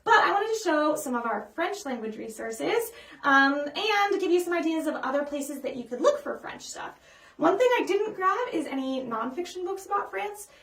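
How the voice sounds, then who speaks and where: A woman leading a children's storytime as a librarian, chatty and upbeat, with frequent ums, sometimes singing simple songs slowly. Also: sits high, lively intonation, a bit bright. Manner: sings simple songs slowly for kids to follow. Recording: echoey room, voice a bit far from the mic.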